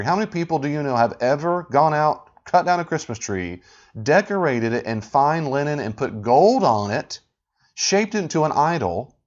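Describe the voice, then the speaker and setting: Animated, exasperated male podcast host. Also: medium pitch. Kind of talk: podcast commentary and rebuttal. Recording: dull lo-fi audio.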